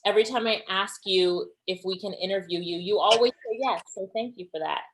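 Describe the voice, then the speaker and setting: A woman's voice: medium pitch, fairly quick, low-quality recording. A woman interviewer leading a friendly conversation. Her voice sits in a middle range, and she keeps things upbeat and encouraging as she draws out her guest's story. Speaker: interviewer and company head.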